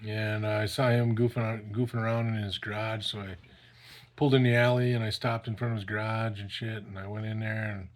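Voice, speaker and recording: A man's voice: lowish voice, level tone, brisk. A middle-aged man casually telling a personal story, rambling and profane, with plenty of fillers.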